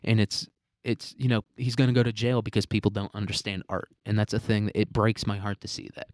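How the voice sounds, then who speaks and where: A man's voice: on the low side, flat delivery, fairly quick, no room sound, clean studio sound. A man hosting a solo commentary podcast, rambling, sarcastic and heavy on swearing. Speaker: podcast host.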